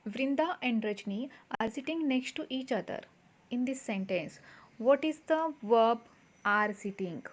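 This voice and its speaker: A woman teaching a grammar lesson to schoolchildren, patiently repeating points and quizzing the class. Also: a little high.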